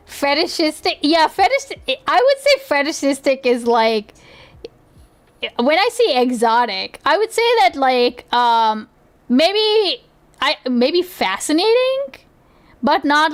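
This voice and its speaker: A woman's voice: high-pitched, very animated, slow. A young woman streaming live, chatting casually in a giggly, rambling way with lots of restarts. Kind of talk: casual livestream chat.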